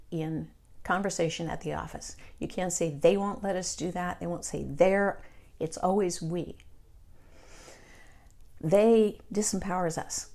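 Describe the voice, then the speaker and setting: Middle-aged woman, lowish voice, calm and frank, guiding a meditation class. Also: vocal fry. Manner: calm, reflective, candid with casual swearing. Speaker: meditation group leader.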